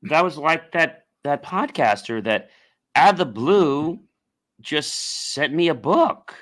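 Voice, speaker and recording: Expressive male podcast host. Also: on the high side, takes it slowly. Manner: expressive, acts out imagined voices. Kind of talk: casual interview chat.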